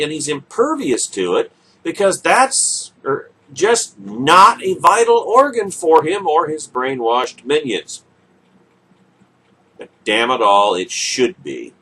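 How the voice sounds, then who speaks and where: Sarcastic guy doing a political radio rant, slow and husky, voice jumps all over. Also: a little high, sharp tone. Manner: sarcastic, mocking. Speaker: radio show host. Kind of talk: political commentary monologue.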